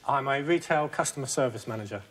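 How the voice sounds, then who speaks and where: A man's voice: medium pitch, fast, heavy background noise. A man from Sussex, a contestant on a TV dating show, telling a story with many hesitations.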